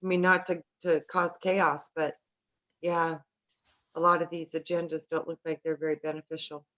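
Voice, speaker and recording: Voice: mid-range voice, flat delivery, normal speed, fairly bright tone, dull audio. A co-host on a casual podcast who chimes in with brief, agreeable remarks.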